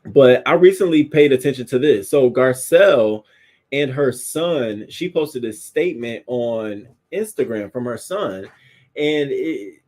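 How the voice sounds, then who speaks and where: A man's voice: mid-range voice, a little mellow. A man hosting a casual commentary show, chatting in a loose, profane way at his desk mic. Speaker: host.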